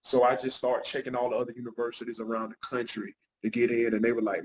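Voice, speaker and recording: A man's voice: medium pitch, level tone, fast talker, few pauses, noisy background. A middle-aged man, a guest pastor and counselor, telling his life story in an interview with an earnest, heartfelt manner.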